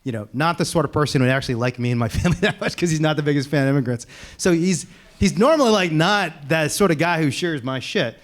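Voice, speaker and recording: A man speaking on a panel as an animal rights activist, animated and laughing as he tells stories. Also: on the high side. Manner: animated, fast, laughing storyteller. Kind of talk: casual panel talk.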